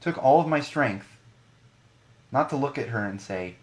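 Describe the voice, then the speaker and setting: A man's voice: medium pitch, big pitch swings, unhurried, pauses often. A man in his thirties, a podcast co-host, ranting animatedly in a casual podcast monologue with many restarts.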